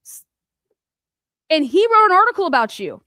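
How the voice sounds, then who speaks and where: A woman's voice: very high voice, very animated, normal speed, pushed and bright, dry recording, clean studio sound. A woman giving angry, profane commentary on a court case, firing rhetorical questions straight at the people she talks about. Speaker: commentary host.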